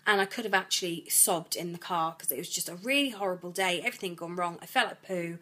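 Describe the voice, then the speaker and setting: A woman's voice: on the low side, fast. A pregnant woman, rambling through a chatty vlog story and acting out what others said. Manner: rambling, animated retelling, quoting others. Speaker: vlogger.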